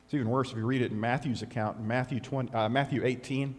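A middle-aged man preaching a sermon as pastor, conversational and animated with sudden loud bursts. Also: mid-range voice, fast. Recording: long hall reverb.

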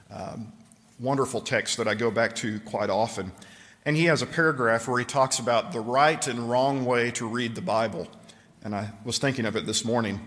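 A man's voice: mid-range voice, a bit bright, big-room sound. A man preaching a sermon in a church, talking conversationally with frequent fillers and restarts. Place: church sanctuary.

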